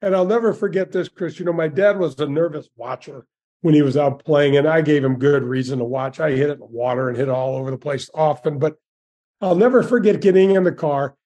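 Folksy sixties male guest, warm dark timbre, slightly high voice, eager anecdotes. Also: a little fast. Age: 60s. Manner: folksy and enthusiastic, many restarts. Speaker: guest, former tour golfer. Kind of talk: storytelling interview.

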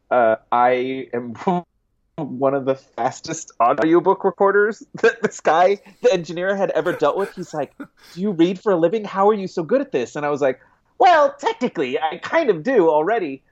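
A man, a guest author, chatting casually in an interview, rambling with restarts and quick laughs. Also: on the high side, expressive. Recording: dull lo-fi sound.

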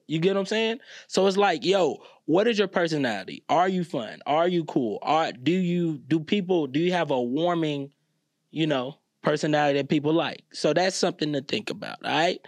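A man riffs crudely through a casual podcast monologue. He talks in a joking, animated way and leaps up in pitch to stress a point. The sound is close and dry, with no room around it. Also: moderate pace, dry recording. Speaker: podcast host.

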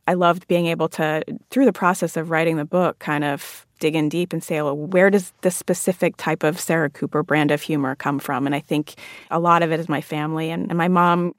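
A woman's voice: deep voice, fairly quick, no room sound, studio quality. A woman comedian and author telling stories as an interview guest, acting out the voices of the people she quotes. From United States, Jamaican immigrant family. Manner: animated storyteller, acts out quoted voices. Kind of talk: radio interview.

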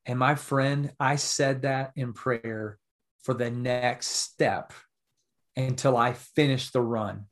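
A man's voice: medium pitch, fairly even intonation, slow. A middle-aged man, an author and podcast guest, telling an emotional story in an earnest way, often adding "right?" as he goes.

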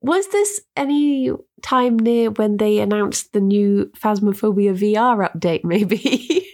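Slow-talking, lively woman co-host. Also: medium pitch. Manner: laughs easily, teasing. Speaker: podcast co-host. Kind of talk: casual chat.

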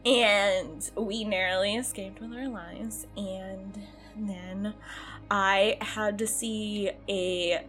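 A woman's voice: mid-range voice, fairly even intonation, drawn-out words, fairly bright tone, soft background music. A young woman playing a tabletop character, rambling through her story with many fillers and restarts. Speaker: player character. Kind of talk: in-character tabletop role-play.

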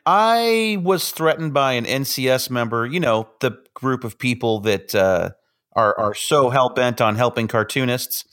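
A man playing a nervous cartoonist phoning in with a question, halting and mock-earnest. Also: medium pitch, animated, fairly bright tone, smooth, pitched below the performer's own voice. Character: nervous male cartoonist caller.

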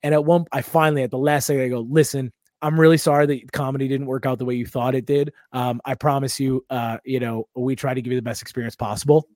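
A man's voice: mid-range voice, fast talker, few pauses, no room sound, clean studio sound. A man, a comedian co-hosting a podcast, telling a story in casual chat, acting out the other people and swearing freely. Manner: animated, acts out quotes, swears freely.

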